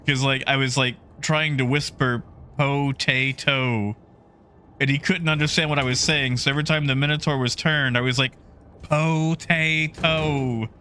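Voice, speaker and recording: A man's voice: mid-range voice, fairly even intonation, fast talker, hardly any pauses, sharp tone, a little hiss or hum. A man streaming a game, chatting casually and greeting viewers in the chat by name.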